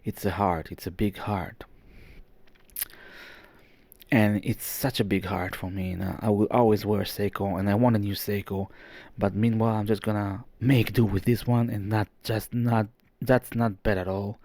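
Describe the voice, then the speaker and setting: Man, lowish voice, casual vlog host, enthusiastic, rambling, fillers and restarts, recorded at home. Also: level tone, moderate pace, hardly any pauses, mellow, dry recording. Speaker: watch vlogger. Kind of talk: casual show-and-tell vlog.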